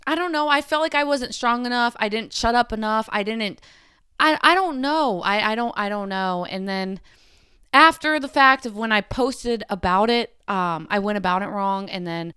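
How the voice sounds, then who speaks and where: A woman's voice: on the high side, pushed and bright, clean tone, no echo, studio quality. A young woman hosting a podcast, talking through something that upset her, repeating herself, her voice rising and falling sharply. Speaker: podcast host. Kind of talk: emotional personal monologue.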